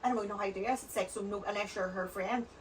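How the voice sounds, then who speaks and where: Chatty woman, rapid and rambling, mic set slightly back. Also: medium pitch, steady tone, distant mic, a little hiss or hum, low-quality recording. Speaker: podcast guest. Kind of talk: casual chat.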